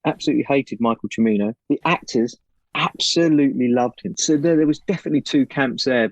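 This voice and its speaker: A man's voice: medium pitch, no room sound. Man telling film-set stories over dull audio. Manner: storytelling, lively, with frequent restarts. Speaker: author and guest. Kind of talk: anecdotal interview chat.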